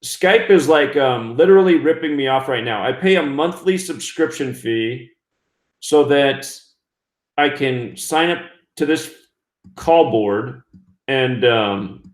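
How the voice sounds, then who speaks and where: Speaking slowly with lively intonation and a medium-pitched voice, this West Coast American man runs a call-in internet radio show. He's chatty and casual with listeners and callers, narrating technical problems aloud as they happen, all in an echoey room.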